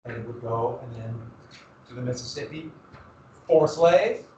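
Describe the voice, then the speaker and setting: A man's voice: mid-range voice, a little slow, mellow, muffled recording, slight background noise. A male history teacher giving a classroom lecture, posing questions to the students and then answering them himself. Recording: roomy classroom recording from far off.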